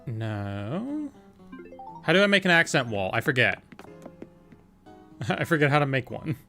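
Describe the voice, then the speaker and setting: A man streaming a game, talking through each step in a loose, playful way as he decides what to do next. His voice sits at an ordinary middle pitch, with faint game music behind him. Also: big pitch swings, a little slow, pushed and bright. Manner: thinking aloud, chatty and playful, answering chat. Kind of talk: casual gameplay commentary.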